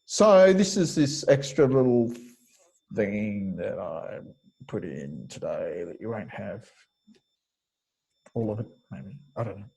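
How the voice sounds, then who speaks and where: A man's voice: on the low side, expressive, slow pace, gravelly, pauses often, a little mellow, breathy edge, poor audio. A man teaching a webinar lecture over a video call, explaining step by step and thinking aloud with frequent fillers. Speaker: kinesiology teacher.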